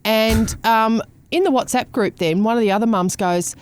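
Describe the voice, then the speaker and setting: A woman's voice: fairly high pitch, normal speed, clean tone. A woman with an Australian accent, hosting a casual chat and talking bluntly, swearing and mimicking people as she tells stories. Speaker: podcast host.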